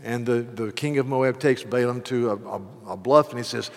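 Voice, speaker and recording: A man's voice: medium pitch, moderate pace, creaky. Man preaching in an echoing hall. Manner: conversational storytelling, animated asides. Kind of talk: sermon.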